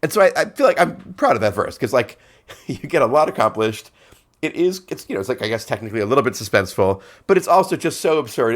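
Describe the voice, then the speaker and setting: A male songwriter hosting a casual explainer, talking in a chatty way with frequent fillers and laughs. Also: medium pitch. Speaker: songwriter host.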